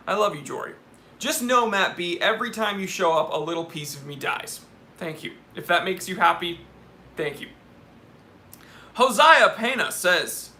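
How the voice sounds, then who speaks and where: A man's voice: high voice, expressive, moderate pace, sharp tone, slight background noise. A young man hosting a live watch Q&A stream, reading viewer questions and giving candid, joking opinions.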